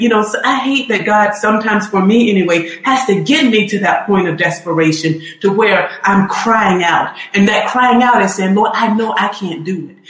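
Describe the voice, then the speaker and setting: A woman's voice: mid-range voice, fairly bright tone. Fervent woman preacher, echoey room. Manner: fervent, building in emphatic repetition. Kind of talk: sermon. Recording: roomy echo.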